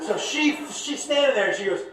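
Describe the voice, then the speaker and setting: A man with a very high voice telling a rowdy stand-up story on a club stage. He gets animated and shouts his punchlines over the crowd's laughter. His voice rings out with heavy room echo. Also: a little fast. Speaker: stand-up comedian. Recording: echoey comedy club from the stage.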